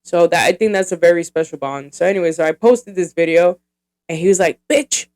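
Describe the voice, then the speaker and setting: A woman in her thirties hosts her own podcast in a loose, rambling monologue. Her voice is smooth and clean. She swears freely and fills pauses with plenty of ums and likes. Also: fairly low pitch, a little mellow. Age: 30s. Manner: rambling and profane, heavy with fillers. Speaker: podcast host.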